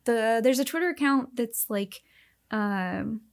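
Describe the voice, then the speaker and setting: A woman's voice: a little high, slow, vocal fry. Chatty young woman, gushing. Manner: chatty, gushing, many fillers. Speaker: podcast co-host. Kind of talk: casual chat.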